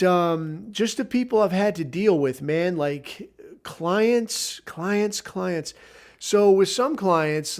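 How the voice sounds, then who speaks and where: A man hosting a podcast, telling a rambling story in a casual, profane, sardonic way. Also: fairly high pitch. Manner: rambling, heavy swearing, sardonic. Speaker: podcast host.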